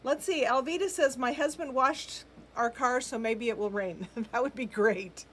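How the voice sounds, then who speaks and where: A woman's voice: a little high, normal speed, fairly bright tone, slight background noise. A middle-aged woman hosts a live shopping stream, chatting casually, greeting viewers by name and reading their comments with frequent ums and laughs. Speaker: boutique live-sale host.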